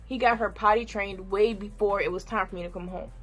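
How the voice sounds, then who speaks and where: A woman's voice: mid-range voice, steady tone, brisk, soft background music. A woman vlogger in her thirties telling a candid, heartfelt personal story, tearful at times. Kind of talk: emotional personal story time.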